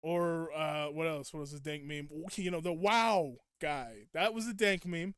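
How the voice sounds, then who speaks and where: A young man with a fairly high, smooth voice chats casually while streaming a game. He rants at his viewers in playful, mock-indignant bursts. The sound is close and dry, with almost no room around it. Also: measured pace, a bit bright, dry recording. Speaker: gaming streamer. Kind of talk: casual live gameplay chat.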